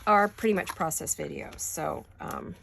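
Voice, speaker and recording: Middle-aged woman, craft vlogger, low with some vocal fry, chatty and giggly, talks to herself. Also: normal speed, noisy background. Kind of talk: casual chat while crafting.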